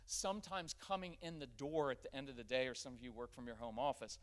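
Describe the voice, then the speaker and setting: A middle-aged man giving a live workshop talk in a church, energetic and conversational. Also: mid-range voice. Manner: energetic and conversational, acting out quick family scenes. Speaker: parenting workshop speaker. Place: church gathering with a live audience.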